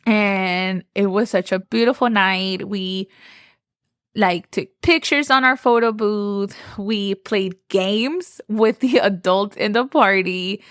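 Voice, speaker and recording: A young woman from Texas tells a story on her podcast, gushing and full of "like". Her voice sits at a middle pitch. The close mic gives a dry sound no room in it. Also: slow, fairly bright tone, clear, resonant tone, no room sound. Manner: chatty, gushing, says "like" often. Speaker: podcast host. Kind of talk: casual storytelling.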